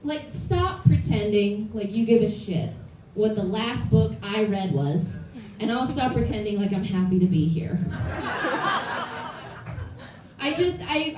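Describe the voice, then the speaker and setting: A woman in her late twenties doing a blunt, self-deprecating stand-up comedy set in front of a live audience at a comedy club. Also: on the high side. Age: late 20s. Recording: distant, roomy, noisy club recording.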